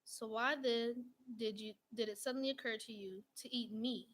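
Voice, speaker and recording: A woman's voice: fairly even intonation, moderate pace, a bit bright, natural voice. A woman voicing a fussy, indignant male talking doughnut in a read-aloud storybook. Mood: outraged. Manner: polite, then shrill and outraged.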